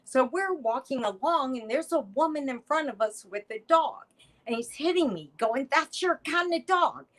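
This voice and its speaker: A middle-aged woman, a podcast guest, telling a personal story in an animated way and acting out the voices of the people in it. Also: high-pitched, normal speed, rough recording. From United States. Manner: animated storyteller, acts out quoted lines. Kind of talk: storytelling interview chat.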